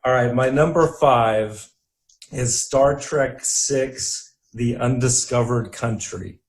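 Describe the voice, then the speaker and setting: A young man co-hosting a casual chat about favorite films, easygoing, laughing often and filling pauses with "uh". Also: medium pitch. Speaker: podcast co-host.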